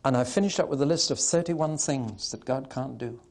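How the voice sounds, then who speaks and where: Male preacher, mid-pitched voice, emphatic and wry, delivers a sermon to a hall audience. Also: normal speed.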